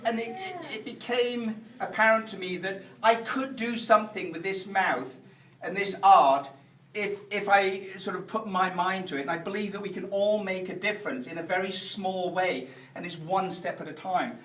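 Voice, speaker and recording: A middle-aged man from England giving a humorous speech at a function, animated and shouting punchlines. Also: high-pitched, normal speed. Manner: animated storyteller, shouting punchlines amid laughter. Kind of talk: humorous after-dinner speech. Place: function hall with audience. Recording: echoey hall, distant mic, noisy.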